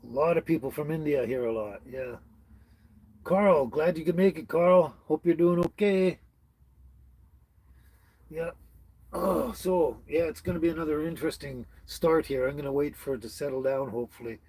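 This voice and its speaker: Husky man chatting on a livestream. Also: fairly high pitch, normal speed, a little mellow, no room sound. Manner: chatty, chuckles often, stumbles over names. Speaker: livestream host. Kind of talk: casual live chat reading viewer comments. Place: tiny house on wheels.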